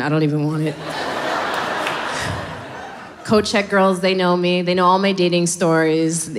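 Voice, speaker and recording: A woman comedian performing a stand-up set, animated and acting out bits of dialogue. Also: lowish voice, a little hiss or hum. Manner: animated, acts out dialogue with voice jumps.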